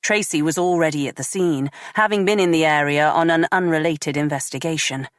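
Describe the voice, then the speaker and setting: A woman narrating a crime audiobook in a measured, even read. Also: low-pitched, dry recording, studio quality.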